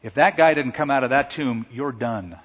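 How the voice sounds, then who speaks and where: A man preaching a sermon as pastor, animated, shouting out quoted lines. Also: medium pitch, moderate pace, husky. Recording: dull recording in a reverberant hall.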